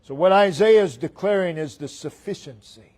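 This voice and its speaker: A man preaching a sermon, repeating phrases in a rhythmic cadence, his voice swelling for emphasis and then dropping almost to a hush. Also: sits high, normal speed. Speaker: pastor.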